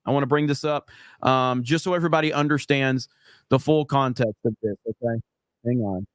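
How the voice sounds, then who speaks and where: A man's voice: mid-range voice, a little fast, no room sound. A young man hosting a casual livestream, sarcastic and rambling with lots of fillers, talking close to a desk microphone. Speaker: livestream host.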